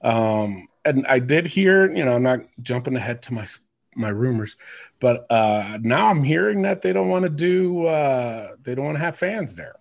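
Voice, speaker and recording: A man's voice: medium pitch, expressive, moderate pace. A man hosting a casual podcast chat, laughing often and joking with his co-hosts. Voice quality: gravelly, husky, laughs often. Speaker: podcast host.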